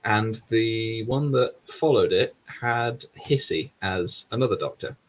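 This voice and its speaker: A man's voice: fairly low pitch, unhurried. Male host, casual chat, rambling and sweary, dull lo-fi mic. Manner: swears freely, rambling and chatty.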